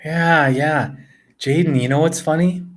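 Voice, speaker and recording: A man's voice: fairly high pitch, fairly even intonation, measured pace. A man in his forties from northern New Jersey, chatting casually and rambling with viewers, chuckling often as he answers their questions. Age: 40s. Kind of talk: casual live chat. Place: indoors at home.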